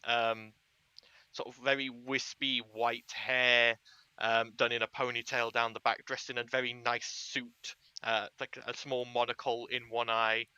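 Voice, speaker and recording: A man's voice: mid-range voice, little pitch movement, unhurried, pushed and bright, clean tone, no room sound, highs cut off. A man narrating as game master of a tabletop game, descriptive and chatty. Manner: descriptive, uses fillers.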